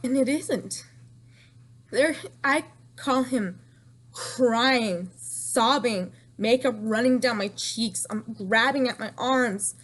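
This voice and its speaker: A woman's voice: a little high, slow pace, fairly bright tone. A young woman telling an emotional storytime vlog, distraught and rambling, repeating herself and crying at times.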